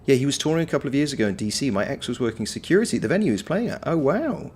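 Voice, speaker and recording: A man and voice actor giving live-stream gameplay commentary, swearing freely as he yells at the game and chats with viewers. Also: mid-range voice, rapid-fire, slightly rough. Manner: animated, swears freely, talks to the game and to chat.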